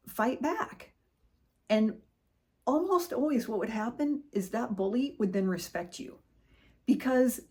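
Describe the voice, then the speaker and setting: Earnest woman hosting a motivational talk. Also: mid-range voice. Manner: earnest, conversational storytelling with animated quoted voices. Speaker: podcast host. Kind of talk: personal motivational monologue.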